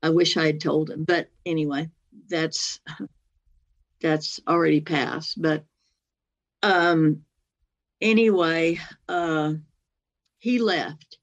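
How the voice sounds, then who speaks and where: A woman's voice: low voice, takes it slowly, long pauses, highs cut off. Rambling woman telling a personal story. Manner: animated, acts out other people's words in quotes; rambling, with many fillers and "anyway".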